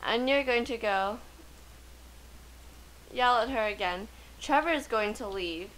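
A woman giving chatty, excitable commentary while playing a life-simulation game. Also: fairly high pitch, a little slow, slight background noise, low-quality recording. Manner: chatty, excitable, gasps and laughs often. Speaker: let's play gamer. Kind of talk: casual gameplay commentary.

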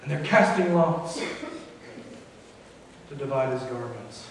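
A man's voice: mid-range voice, animated, slow, slight background noise. A man preaching a sermon as pastor, reading scripture aloud and explaining it to the congregation. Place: church sanctuary. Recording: echoey church hall from far off.

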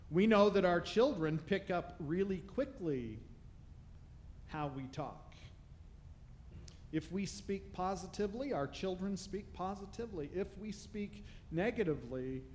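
A man's voice: sits high, a little mellow, slight background noise. A male pastor preaching a sermon in a church, conversational and humorous, with rhetorical questions. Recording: long reverb of a large hall.

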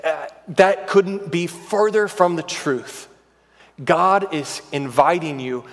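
A pastor preaching a sermon in a church, earnest and emphatic, building intensity on repeated phrases. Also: male voice, fairly high pitch, slow pace. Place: church sanctuary. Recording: long reverb of a large church hall.

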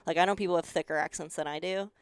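A young woman with a thick rural Colorado country twang tells her story to an interviewer, her voice low and smooth. She talks loosely and sarcastically, swears often, and acts out the people she quotes. Her voice sounds dry and close, with no room around it. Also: steady tone, rapid-fire, no room sound. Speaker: guest.

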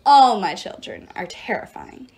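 A woman voicing an ancient goddess of night, haughty and quick to panic, who talks loud and shrill. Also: very animated, poor audio. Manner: shrill and loud, rising to screams.

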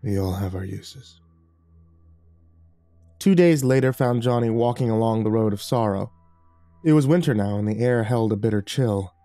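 A man reading a horror story aloud in steady, measured scripted narration. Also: lowish voice, no echo. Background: faint background music.

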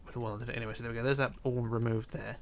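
A man narrates a building tutorial for a casual game, sounding tired, yawning, and quietly counting blocks as he goes. His mid-range voice races along in a relaxed way, at times falling to a near whisper, with slight noise in the background.

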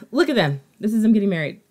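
On a casual true crime podcast, a female co-host with a medium-pitched voice speaks briskly. She narrates the story with animation and acts out quotes along the way.

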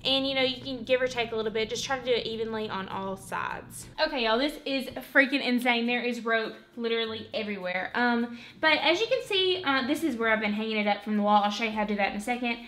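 A woman's voice: a little high, fast, fairly bright tone. A woman giving a casual, rambling craft tutorial at home, saying "y'all" and "literally" a lot. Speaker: craft vlogger. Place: home, working on a wall hanging.

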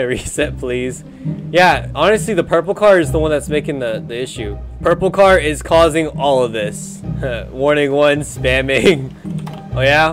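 Young male gamer, slightly high voice, loud and excitable, ranting and joking over game music. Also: a little slow. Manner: excitable, jokey, yelling at other players. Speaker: gaming video creator. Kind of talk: casual gameplay commentary.

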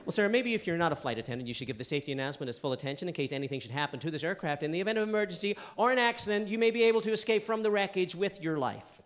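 A man's voice: sits high, lively intonation, very fast, few pauses, voice pushed down. A man doing a prim, officious stewardess. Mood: scolding. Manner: overly polite, then stern and scolding. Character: fussy female flight attendant, prim and officious.

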